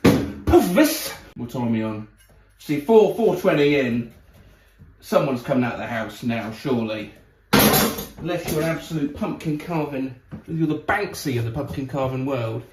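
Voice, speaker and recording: A man's voice: medium pitch, animated, moderate pace. A man joking casually while carving a pumpkin. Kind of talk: casual chat. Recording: distant, roomy with faint noise.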